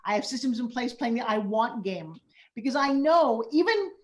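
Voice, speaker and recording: A woman in her fifties hosts a casual conversation, telling stories with lively delivery and acted-out quotes. Her voice sits a little high. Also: moderate pace. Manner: animated storyteller who acts out quotes. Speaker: host. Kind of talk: casual chat.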